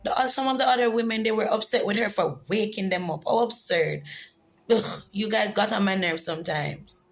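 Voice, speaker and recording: A woman's voice: mid-range voice, moderate pace, rough recording. A woman giving an earnest, emotional personal testimony in a vlog. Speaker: vlogger.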